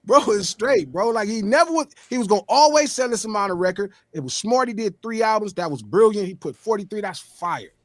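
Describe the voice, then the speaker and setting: A man's voice: high voice, lively intonation, a little fast, few pauses, dry recording, clean studio sound. A man on a podcast panel, arguing in a casual, emphatic, exasperated way.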